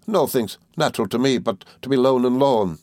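A man's voice: medium pitch, brisk, darkish tone, no room sound, voice pushed up, close to an everyday voice. A man putting on a whimpering old widow. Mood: mournful. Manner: whiny, mournful complaining. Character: gloomy self-pitying old widow, whimpering.

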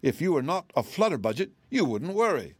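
A man reading as a modest little wizard, kindly and earnest, a bit nervous under the surface. The voice stays near his own, close and dry, with lively turns of pitch. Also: a little fast, slightly rough, dry recording. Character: small kindly humbug wizard, grown man.

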